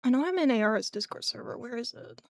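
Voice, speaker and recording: A woman's voice: on the high side, lively intonation, fast, dry recording, studio quality. Throaty young woman streamer, chatty. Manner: chatty and self-mocking, clears her throat often. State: voice slightly off and throaty after eating. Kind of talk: casual live-stream chat.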